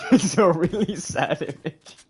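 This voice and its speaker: A male game streamer talking casually over a live match, his pitch swinging widely between low mutters and high, sudden shouts. He swears freely and laughs often. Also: big pitch swings, takes it slowly, slightly rough.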